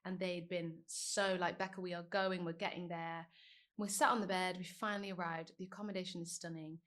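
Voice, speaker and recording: A woman in her thirties, a guest on a podcast, telling a story in a lively, animated way and laughing as she goes. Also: fairly low pitch, a little fast. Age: 30s. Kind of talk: casual storytelling chat.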